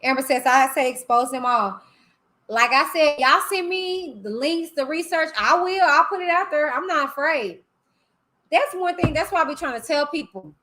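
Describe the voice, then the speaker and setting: A woman's voice: sits high, bright, forceful tone. A woman hosting a live stream, talking bluntly and animatedly in casual commentary. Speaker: livestream host.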